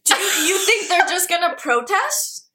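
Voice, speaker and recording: A woman's voice: very high voice, big pitch swings, normal speed, sharp tone. A young woman co-hosting a podcast in casual, emphatic chat, with many fillers. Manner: chatty and emphatic, heavy use of "like". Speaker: podcast co-host.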